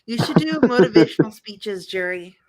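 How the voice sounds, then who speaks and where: A woman's voice: mid-range voice, animated, normal speed, darkish tone, no echo. Teasing woman hosting a stream. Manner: teasing, laughs often. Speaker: stream host. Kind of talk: casual livestream chat.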